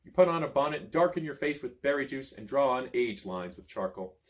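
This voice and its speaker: Lively man reading an adventure book. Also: mid-range voice, fairly quick. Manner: lively storytelling with asides. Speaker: reader of a choose-your-own-adventure book. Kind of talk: expressive read-aloud narration.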